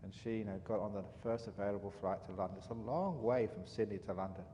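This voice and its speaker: A man, a monk, giving a dharma talk as an animated, chatty storyteller. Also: lowish voice, quick pace. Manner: animated, chatty storyteller with frequent "you know". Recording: reverberant hall, faint background noise.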